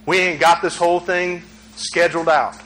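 A male pastor, preaching a sermon in a conversational way that climbs to shouts. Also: high voice, flat delivery, moderate pace, rough recording.

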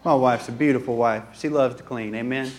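A man's voice: medium pitch, fairly even intonation, a little fast. Joking pastor, a man. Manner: folksy and joking, acting out dialogue. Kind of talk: conversational sermon. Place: church. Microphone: handheld or stand mic.

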